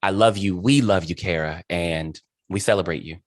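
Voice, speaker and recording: A man's voice: deep voice, moderate pace, dry recording. Host, male, effusive and emphatic, close dry sound. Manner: gushing, emphatic, dotted with "child" and "honey". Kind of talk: effusive interview chat.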